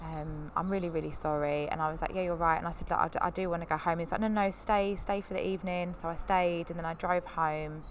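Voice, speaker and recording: A woman in her thirties hosts a podcast, speaking candidly and at length in a rambling, heartfelt way. Her voice sits a little low, and it livens up whenever she acts out what someone said. A faint hiss of room ambience sits under her voice. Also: fast, few pauses. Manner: candid, rambling, animated when quoting others. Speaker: podcast host. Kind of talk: personal storytelling.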